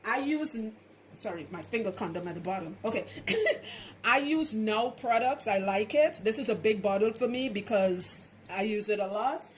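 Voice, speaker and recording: A frank, chatty woman from Trinidad explains scalp care in a casual vlog. Her voice sits in a middle pitch and she laughs easily. A faint hiss runs under the recording. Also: normal speed. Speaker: loctician.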